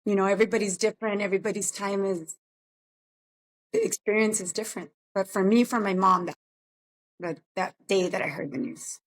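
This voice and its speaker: A woman's voice: medium pitch, fairly even intonation, a little fast. A woman co-hosting a podcast, telling a personal story in a reflective, subdued way. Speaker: podcast co-host. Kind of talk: casual podcast chat.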